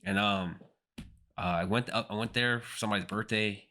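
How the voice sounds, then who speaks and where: A man's voice: on the low side, steady tone, normal speed, sharp tone. A young man telling stories in a casual podcast interview, laid-back and slangy, acting out what people said. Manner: laid-back slangy storytelling, acts out quotes. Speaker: pro skater and DJ guest.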